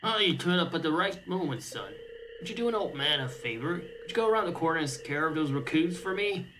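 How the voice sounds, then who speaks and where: A man voicing a grumpy old man from a video game, gruff and slow-spoken. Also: a little high, big pitch swings, background noise, pitched above the performer's own voice.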